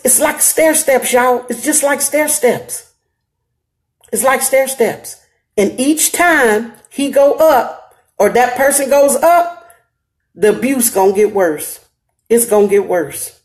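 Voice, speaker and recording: Middle-aged woman, aave accent, earnest and emphatic, keeps repeating herself to her viewers, voice a bit high. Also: darkish tone. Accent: African American Vernacular English. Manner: emphatic, repeats phrases, addresses viewers as y'all. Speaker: live stream host. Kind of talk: earnest direct-to-viewer advice talk.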